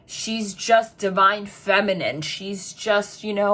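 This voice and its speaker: A woman reads tarot cards for her viewers in a chatty, emphatic way. She speaks straight to the listener and keeps repeating her phrases. Her voice sits at an ordinary middle pitch for a woman. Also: slow pace, hardly any pauses, a bit bright. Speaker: tarot reader. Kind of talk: tarot reading to camera.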